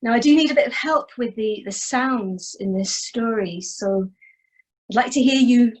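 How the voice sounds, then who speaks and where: A woman storyteller telling a traditional tale for families, expressive and inviting the listeners to join in with animal sounds. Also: on the high side, moderate pace, poor audio.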